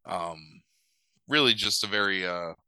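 A young man with a low-set but very bright, crisp voice retells a film's plot in a loose, rambling way. He scatters fillers and dry, wry asides throughout, recorded close and completely dry. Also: unhurried, no room sound, low-quality recording. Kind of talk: casual movie recap.

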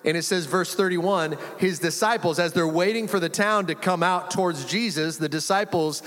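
Pastor guy giving a sermon, high voice, chatty and animated, acts out the quotes, big reverby church room. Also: moderate pace. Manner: conversational and animated, acts out quotes, chuckles often. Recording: long reverb of a large room.

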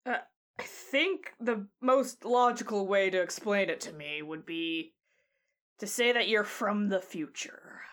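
A woman narrating a tabletop game as game master, halting with many restarts, admitting her tone sounds flat. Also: mid-range voice.

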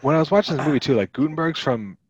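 A man's voice: a little high, expressive, very fast, husky, no echo. A man in his thirties co-hosting a casual movie podcast, rambling with lots of fillers and restarts. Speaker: podcast co-host. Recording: dull lo-fi podcast mic.

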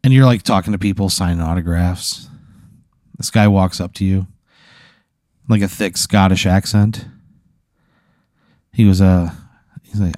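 A man with a fairly low, mellow voice leads an improvised story, rambling and packing in fillers. The sound is dry and close. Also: fairly even intonation, normal speed, pauses often, no room sound. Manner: rambling, filler-heavy narration. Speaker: game master of an improv bit.

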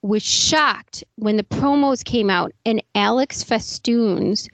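A woman's voice: a little high, slow, no echo, poor audio. Blunt woman in her thirties. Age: 30s. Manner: blunt, swears freely. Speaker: podcast co-host. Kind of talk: casual commentary chat.

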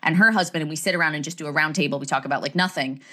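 A woman with a New Jersey accent hosts a casual podcast conversation. She talks loud and fast with plenty of energy, in a somewhat low voice. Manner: loud, fast, animated talker. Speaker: podcast host.

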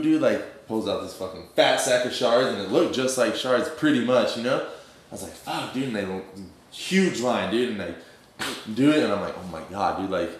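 A young man telling a rambling, profane story in slang, full of fillers. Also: on the low side. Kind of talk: casual storytelling. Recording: very echoey room.

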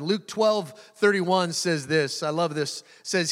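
A man's voice: a little high, slow pace, hardly any pauses, fairly bright tone. A man preaching a sermon as a pastor, moving into spoken prayer and repeating words as he builds emphasis. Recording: long hall reverb.

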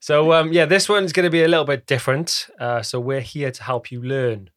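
A man's voice: fairly high pitch, steady tone, brisk, a bit bright, no echo, clean studio sound. A man co-hosting a podcast, teasing and bantering in casual chat. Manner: joking, teasing, playful banter. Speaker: podcast co-host.

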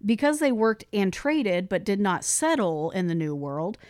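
A woman's voice: mid-range voice, sing-song, unhurried, darkish tone, no echo. A woman on a casual podcast reads out history notes in a mid-range voice, breaking off into offhand, laughing asides. The sound is dry and close to the mic. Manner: reads facts then adds offhand asides, laughs often. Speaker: podcast co-host. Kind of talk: casual chat, reading history notes aloud.

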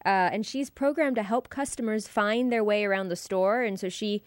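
A woman's voice: medium pitch, moderate pace, no room sound, clean studio sound. A woman co-hosting a casual talk show, matter-of-fact as she reads news items. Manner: matter-of-fact, correcting others. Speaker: radio show co-host. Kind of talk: casual chat and news reading.

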